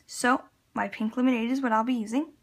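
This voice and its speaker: A woman's voice: on the high side, fairly even intonation, fairly quick, husky. A woman with a Canadian accent, chatting casually as she talks viewers through a loom craft step by step. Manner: chatty, talks while working with hands, little laughs. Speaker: loom tutorial host. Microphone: camera on tripod at table.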